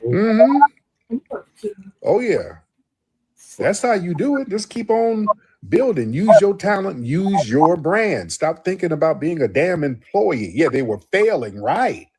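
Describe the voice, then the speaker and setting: Male live-show host, husky tone, animated and emphatic delivery. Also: high-pitched. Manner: animated, loose and emphatic, drawn-out affirmations. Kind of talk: casual live call-in talk.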